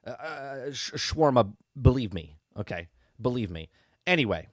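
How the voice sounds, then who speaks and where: Reviewing a TV episode on his podcast, a man keeps tossing "okay?" and "right?" to his listeners as he rambles with emphatic, incredulous mockery. His mid-range voice has lively intonation and a moderate pace, captured in a dry, clean studio recording.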